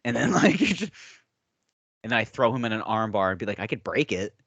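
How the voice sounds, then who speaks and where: A man's voice: medium pitch, sing-song, normal speed, gravelly, fairly bright tone, no room sound. A young man co-hosting a podcast, telling rambling stories and acting out what people said. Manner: rambling storyteller, acts out quotes. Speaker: podcast co-host. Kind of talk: casual chat.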